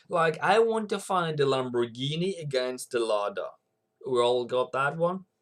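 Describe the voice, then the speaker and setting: A man's voice: mid-range voice, noisy background. A man hosting a livestream who gives rambling, casual commentary on currency markets and reads out viewer comments as he goes. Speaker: forex trading channel host.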